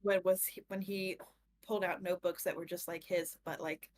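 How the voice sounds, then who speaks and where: A woman's voice: lowish voice, fairly even intonation, normal speed, darkish tone. A young woman co-hosting a book club stream, talking loosely and informally in a casual chat. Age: young adult. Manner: laughs often, loose and informal.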